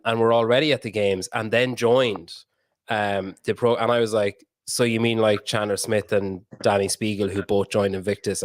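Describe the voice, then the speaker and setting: A man's voice: on the low side, dry recording, clean studio sound. A man hosting a podcast interview over a video call, chatty and laughing often, with casual swearing. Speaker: podcast host.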